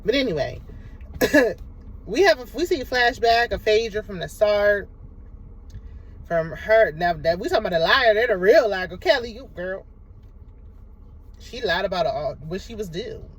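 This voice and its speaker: A woman's voice: medium pitch, expressive, moderate pace, pauses often, husky, rough recording. A woman giving a casual, sassy recap of a reality TV episode, talking back at the cast as she goes. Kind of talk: casual show recap and commentary.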